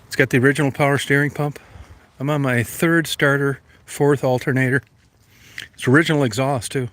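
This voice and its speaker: A man's voice: mid-range voice, steady tone, fairly quick, a bit bright. A middle-aged man chatting casually outdoors beside an old van, plain-spoken and folksy with the odd curse. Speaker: vlogger. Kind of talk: casual chat. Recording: noisy outdoor recording with engine sounds. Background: vehicle and engine noise.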